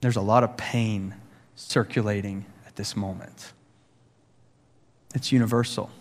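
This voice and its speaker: A man preaching a sermon as pastor, earnest and full of rhetorical questions, growing animated as he tells stories. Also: on the low side, measured pace. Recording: long hall reverb.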